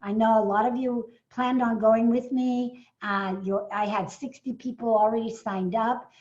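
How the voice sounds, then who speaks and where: Excitable woman pitching a webinar. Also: measured pace, dull audio. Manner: excitable, bursts of cheering, frequent fillers. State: slightly hoarse, coughing. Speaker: speaker trainer hosting a live webinar. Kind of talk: enthusiastic sales pitch on a video call. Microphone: video call.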